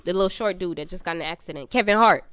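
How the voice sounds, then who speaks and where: A woman hosting a podcast, telling stories in casual, profane, animated chat. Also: fairly low pitch, racing, clear, resonant tone, no echo. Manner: profane, animated storytelling with laughs. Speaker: podcast host.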